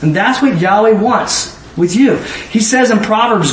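Middle-aged guy preaching, kinda high voice, roomy echo, sounds a bit far from the mic. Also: measured pace. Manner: animated, swings from low musing to high emotional exclamations. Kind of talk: informal Bible teaching. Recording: echoey room, mic at a distance, faint ambient noise.

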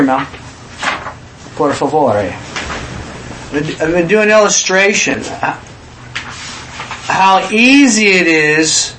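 High-voiced, animated male preacher. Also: echoey room, slight background noise. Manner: animated, acts out quotes with sudden shouts. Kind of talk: sermon.

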